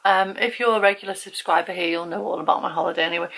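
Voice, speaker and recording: A woman's voice: fairly low pitch, fairly even intonation, rapid-fire, gravelly, fairly bright tone, rough recording. A young woman from England chatting casually to camera, rambling with lots of fillers and restarts. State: recovering from illness, feeling weak. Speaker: vlogger.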